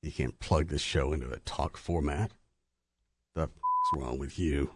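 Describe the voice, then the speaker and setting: A man's voice: a bass voice, measured pace, breathy edge. A middle-aged man hosting a radio show from the studio, telling joking stories in casual chat. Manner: animated, joking storyteller.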